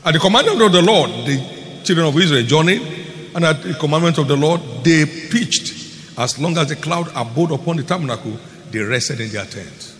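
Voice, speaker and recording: A man giving a sermon as pastor, emphatic, repeating key phrases and swinging between loud declarations and hushed lines. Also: fairly high pitch, moderate pace. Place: large church hall. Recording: long hall reverb, faint noise.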